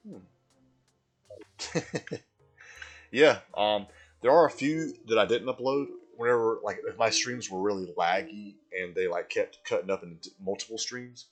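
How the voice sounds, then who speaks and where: A man's voice: fairly low pitch, animated, unhurried, soft background music. A man live-streaming a video game, chatting casually and answering viewers from chat.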